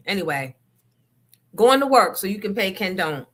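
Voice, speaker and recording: A woman's voice: medium pitch, expressive, normal speed. A woman host ranting to her listeners in a blunt, profane, confrontational way. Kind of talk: casual rant to listeners.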